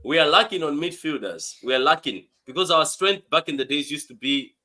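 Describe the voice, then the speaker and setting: A man hosting a casual football chat, excitable and teasing, quick to laugh. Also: on the high side.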